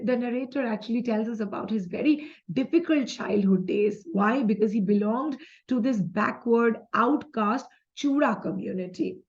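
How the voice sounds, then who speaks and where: A young woman with an Indian English accent takes learners through exam questions one by one. Her voice sits a little high, and she slips into Hindi for her explanations. The audio is dull and lo-fi. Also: a little mellow. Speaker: exam tutor. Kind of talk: lively quiz lesson.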